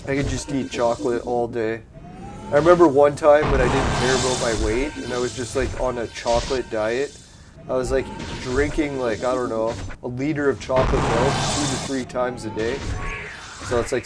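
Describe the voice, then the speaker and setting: A man's voice: mid-range voice, steady tone, normal speed, over music. A man hosting a gaming channel, chatting casually over his play, laughing often and swearing freely. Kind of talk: casual let's-play commentary.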